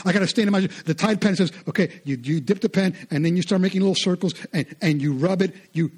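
Husky, high-voiced male preacher. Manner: animated preaching, repetitive and conversational. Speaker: pastor. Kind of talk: sermon.

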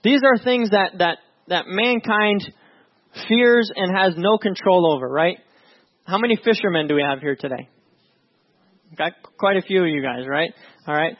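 Guy pastor giving a sermon, pretty high voice, chatty, keeps asking the room "right?", muffled lo-fi recording. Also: moderate pace. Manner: conversational, repeats words, asks the room "right?". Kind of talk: sermon with scripture reading. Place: church before a congregation. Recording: dull lo-fi sound.

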